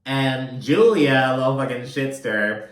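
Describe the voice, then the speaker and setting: A man's voice: mid-range voice, a little slow. A young man recapping a reality show in casual, rambling commentary, full of fillers and campy asides. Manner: chatty, rambling, lots of fillers, campy mock voices. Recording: roomy echo.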